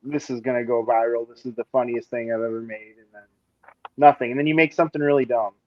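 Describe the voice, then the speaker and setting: A man's voice: mid-range voice, fairly even intonation, fast. A man co-hosting a streamed chat show, rambling enthusiastically through his stories. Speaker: podcast co-host. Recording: dull lo-fi stream mic.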